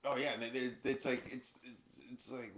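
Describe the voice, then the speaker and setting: A man hosting a podcast in casual chat, halting and repeating words as he talks. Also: mid-range voice, fairly even intonation, creaky, a bit bright. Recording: echoey room.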